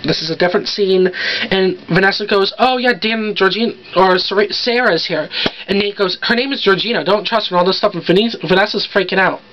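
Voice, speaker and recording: A woman's voice: mid-range voice, fairly quick, dull audio, a little hiss or hum. Chatty young woman recapping a show. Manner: chatty, rambling, acts out quotes. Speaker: TV recap vlogger. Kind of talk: casual episode recap.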